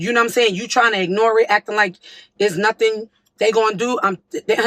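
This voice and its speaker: Casting: woman, mid-pitched, blunt and slangy, dry close sound. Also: a bit bright, no room sound. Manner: slangy, direct advice to viewers. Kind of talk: casual social media talk.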